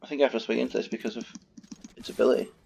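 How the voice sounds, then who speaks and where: With slight background noise on a dull lo-fi recording, a gaming host races through casual commentary on his card game, muttering and swearing in exasperated rants when annoyed. His medium-pitched voice holds a steady tone and sounds creaky and a little mellow.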